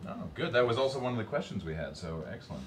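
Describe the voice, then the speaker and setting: A man's voice: medium pitch, big pitch swings, racing. A man hosting a live charity stream, chatting in an upbeat, giggly way with a call-in guest. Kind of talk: casual chat.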